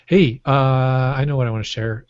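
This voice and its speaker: A man's voice: mid-range voice, steady tone, normal speed, dry recording. A man co-hosting a podcast in casual chat, rambling through his stories and laughing often. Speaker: podcast co-host. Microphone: microphone on a stand. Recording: muffled, dry podcast audio.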